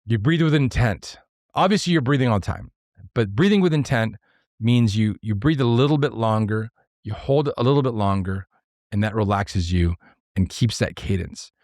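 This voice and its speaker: A man's voice: fairly low pitch, moderate pace, no echo. Earnest man in a dry, close room. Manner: earnest, explains step by step with numbered points; excitable at times. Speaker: podcast host. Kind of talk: solo podcast talk on leadership.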